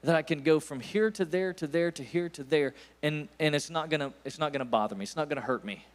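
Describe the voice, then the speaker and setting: His voice is a little high and he speaks fast. He's a visiting pastor in his forties with an East Tennessee accent, giving a sermon built on folksy stories that rise into emphatic bursts.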